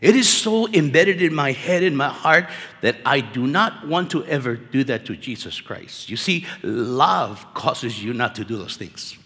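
A man preaching a sermon at a conference, animated and conversational, dropping casual slang as he talks to the crowd. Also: medium pitch, measured pace, hardly any pauses. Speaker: conference speaker. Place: conference hall. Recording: echoey hall reverb.

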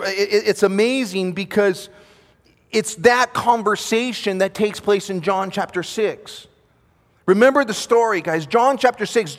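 A man's voice: sits high, big-room sound. A man preaching a sermon at a conference, reading scripture and talking in a conversational way, often repeating words and restarting his sentences. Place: conference hall.

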